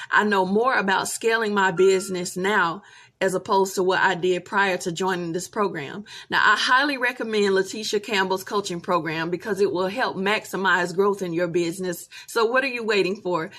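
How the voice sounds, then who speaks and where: A woman's voice: medium pitch, a bit bright. A woman who founded a business, giving an upbeat, scripted testimonial for a coaching program. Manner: upbeat and promotional.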